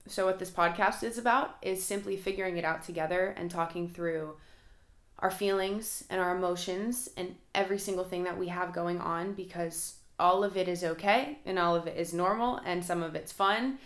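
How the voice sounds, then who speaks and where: A young woman hosting her own podcast, talking fast and excitedly in a chatty way. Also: on the low side. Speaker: podcast host. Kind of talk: casual solo podcast talk. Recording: roomy echo.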